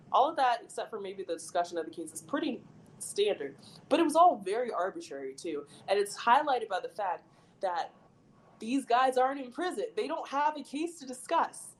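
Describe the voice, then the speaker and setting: Animated young woman telling a story. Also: medium pitch, slight background noise, low-quality recording. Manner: animated, lots of "like", acts out quoted voices. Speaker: podcast guest storyteller. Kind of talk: casual podcast chat.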